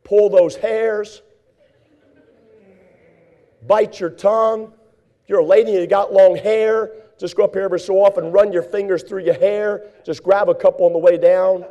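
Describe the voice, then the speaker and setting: Folksy high-voiced preacher. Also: male voice, steady tone, moderate pace, warm tone, lo-fi sound. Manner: folksy preaching with acted-out asides. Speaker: pastor. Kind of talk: sermon.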